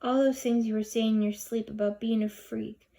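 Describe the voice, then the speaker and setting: A woman reading the lines of a fussy, scatterbrained but caring mother in a storybook, in a brisk, bustling way. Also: on the high side, fairly even intonation, gravelly, warm tone. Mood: gentle. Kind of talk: audiobook reading.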